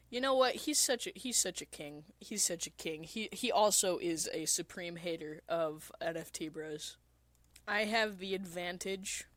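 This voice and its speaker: A woman's voice: on the low side, fairly bright tone, no echo. A woman streamer talking in a rambling, casual way and swearing now and then. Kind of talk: casual solo chat.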